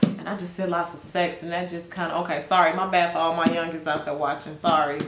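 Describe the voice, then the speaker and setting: A woman's voice: quick pace, slight background noise. Chatty, blunt woman reading tarot, roomy sound. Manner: chatty and blunt, animated swings in pitch. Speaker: tarot reader. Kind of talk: casual tarot reading monologue.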